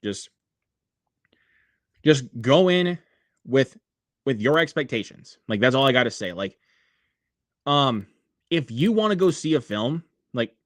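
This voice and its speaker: A man's voice: mid-range voice, sing-song, measured pace, long pauses, no echo, studio quality. A man hosting a casual livestream, rambling with many fillers and reading viewer comments aloud. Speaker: livestream host.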